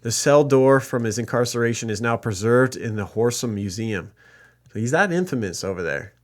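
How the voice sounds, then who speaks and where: A man's voice: medium pitch, expressive, normal speed. A man co-hosting a true crime podcast, retelling a case from notes with jokey asides. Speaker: podcast co-host.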